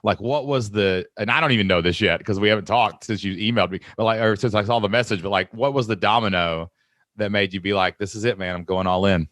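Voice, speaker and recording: Male podcast host, eager storyteller, slightly low voice, dry studio sound. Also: quick pace, no echo. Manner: animated storyteller, excited and emphatic. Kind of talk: casual interview chat.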